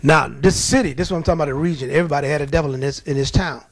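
Male preacher, high-pitched, folksy and animated, dry close sound. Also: rapid-fire, no room sound. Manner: animated, colloquial storytelling with chuckles. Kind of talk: sermon.

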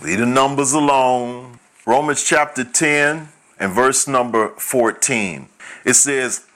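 A male pastor delivers a teaching sermon at an unhurried pace. His voice is bright and forward, and he reads scripture aloud. He lays out numbered points and repeats each one so listeners can take notes. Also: mid-range voice. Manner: repeats key points for note-taking.

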